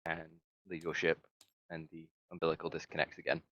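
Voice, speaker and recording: A man narrating as game master in a tabletop game, casual and quick to laugh and swear. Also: very deep voice, completely flat delivery, bright, forceful tone, no room sound, dull audio.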